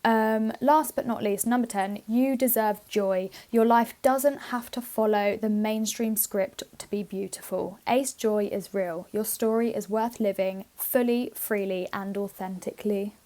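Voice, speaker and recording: A woman's voice: medium pitch, fairly even intonation, measured pace, few pauses, warm tone. A woman co-hosting a podcast, chatting playfully, laughing often and swearing casually as she reads out a list. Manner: giggly, playful, swears freely. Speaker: podcast co-host. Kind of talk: casual chat, reading out a list.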